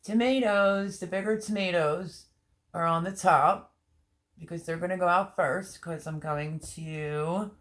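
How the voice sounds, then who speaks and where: A woman's voice: fairly low pitch, a little slow. Giggly woman hosting a garden livestream. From Pennsylvania. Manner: giggly, reads viewer comments aloud. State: strained from laughing and crying. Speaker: livestream host. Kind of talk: casual livestream chat.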